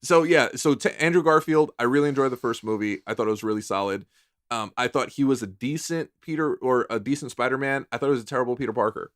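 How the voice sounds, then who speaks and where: A man co-hosting a podcast, rambling excitedly in casual chat with frequent restarts. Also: mid-range voice, quick pace, no echo, clean studio sound. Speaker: podcast co-host.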